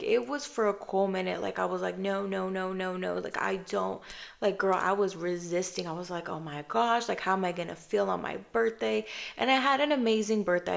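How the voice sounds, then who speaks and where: A woman in her thirties hosting a casual podcast chat, telling stories with lots of filler and calling the listener babe and girl, sometimes dropping into a hushed voice for quotes. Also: medium pitch, creaky. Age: 30s. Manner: chatty, animated storytelling, calls listener babe and girl. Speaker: podcast host.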